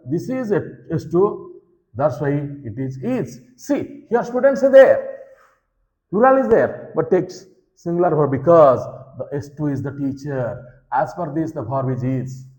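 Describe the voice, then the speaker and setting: A man teaching a grammar lesson, repeating key points and often checking if students follow. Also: high voice. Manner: repetitive, checks understanding with "okay?". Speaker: English teacher.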